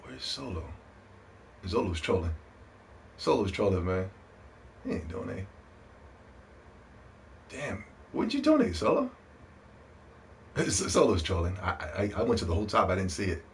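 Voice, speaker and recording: A young man hosting a live gaming stream, ranting casually and playfully with lots of swearing and bursts of shouting. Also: sits low, normal speed, vocal fry, long pauses, a little hiss or hum. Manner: animated, profane, playful shouting.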